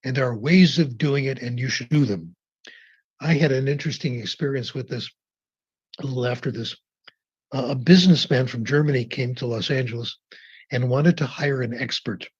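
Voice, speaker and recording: Guy giving a lecture, kinda husky voice, telling stories, muffled old recording. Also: medium pitch. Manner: anecdotal, conversational, slows for emphasis. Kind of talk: recorded lecture on language learning.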